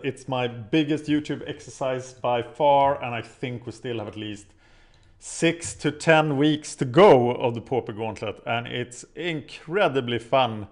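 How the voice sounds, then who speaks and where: A man giving a casual vlog update on his projects, rambling with frequent fillers and self-corrections. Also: medium pitch. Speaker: vlogger and podcaster.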